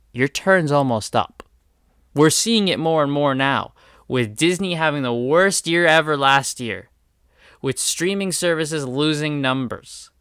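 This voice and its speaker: A man delivers an impassioned video commentary, hammering his points with repeated words. His voice is bright and crisp, and the sound is close and dry. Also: mid-range voice, dry recording. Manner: heated, emphatic, repeats words for stress.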